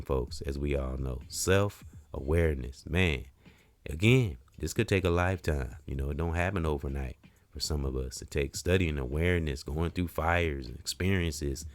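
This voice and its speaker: A man with an extremely low voice gives a loose, preacherly motivational talk on his podcast. He drifts from quiet murmurs to sudden loud emphasis and drops casual slang. The recording is dry and close. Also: no room sound. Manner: rambling, preacherly, repeats phrases, swings between quiet and loud emphasis. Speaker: podcast host.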